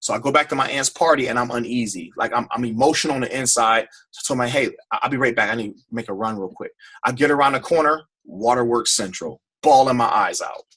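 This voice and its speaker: A man tells his own story to a group, his voice husky with a bright, forceful edge. He talks with deep feeling and often repeats or restarts his phrases. It sounds like personal testimony rather than a lecture. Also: fast. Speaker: speaker on a team call.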